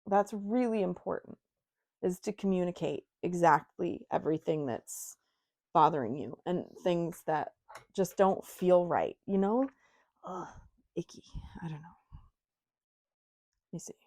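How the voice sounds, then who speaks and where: A young woman with a slightly low voice talks through a tarot card spread for her viewers. She sounds casual and frank, filling her speech with "um" and "you know" and throwing in blunt personal asides. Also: very animated, unhurried, darkish tone. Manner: chatty and frank, with many fillers and asides. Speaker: tarot reader. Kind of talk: casual intuitive tarot reading.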